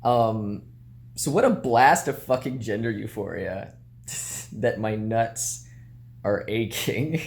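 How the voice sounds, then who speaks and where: A man's voice: lowish voice, takes it slowly, vocal fry, long pauses. A tired young man in a hotel room, talking in a crude, joking vlog monologue and laughing often. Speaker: vlogger.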